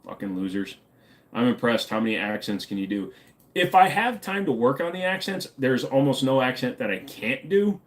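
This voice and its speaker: A man's voice: mid-range voice, big pitch swings, normal speed. A man hosting a livestream in casual chat, joking and swearing freely with viewers. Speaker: streamer host.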